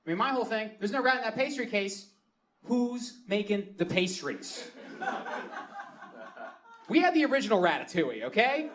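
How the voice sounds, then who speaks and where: A young man with a Baltimore accent performs stand-up comedy. His voice sits high for a man and swings widely up and down as he spins animated, playful stories. He delivers the set from a comedy club stage. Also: normal speed, long pauses, a crowd in the background. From Baltimore, Maryland.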